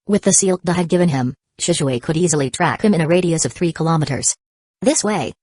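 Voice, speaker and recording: A woman narrating an audiobook in an even, unhurried reading. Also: deep voice, no room sound. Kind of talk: scripted narration.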